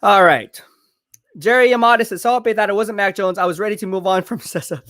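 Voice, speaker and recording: Hyped high-voiced man streaming live. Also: quick pace. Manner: hyped, chatty, shouts out viewers. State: out of breath from curls. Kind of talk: live draft watch party, reading chat.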